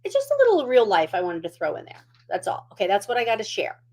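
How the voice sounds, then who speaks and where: A woman's voice: medium pitch, quick pace, background noise. A middle-aged woman hosting a casual makeup tutorial at home, chatty and down-to-earth as she demonstrates.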